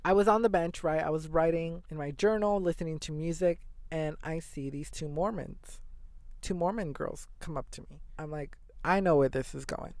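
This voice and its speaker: Young male podcast host, slightly high, gravelly voice, rambling animated solo monologue. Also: normal speed, dry recording. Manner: rambling, animated storytelling with fillers and swearing.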